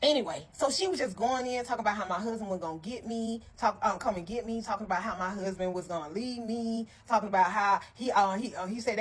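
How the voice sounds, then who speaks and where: A woman telling a story to her viewers in a casual, animated and blunt way, heavy on profanity, with frequent asides to her listeners. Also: medium pitch, fast talker, few pauses, husky.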